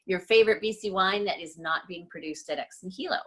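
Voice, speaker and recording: A woman's voice: on the low side, brisk, a bit bright, slightly rough. A woman hosting an interview, wrapping up the chat and thanking her guest. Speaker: wine show host.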